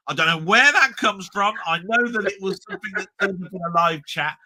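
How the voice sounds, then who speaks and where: Male streamer host, rambling and jokey, sharp bright tone, slightly high. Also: lively intonation, a little fast, hardly any pauses. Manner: rambling, repeats words, jokey. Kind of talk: casual live stream chat.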